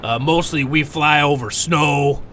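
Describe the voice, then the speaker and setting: A man's voice: fairly high pitch, measured pace, sharp tone, slight background noise. A man voicing a friendly, slangy male griffin mount in a tabletop game. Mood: chummy. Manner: slangy, calls people boss.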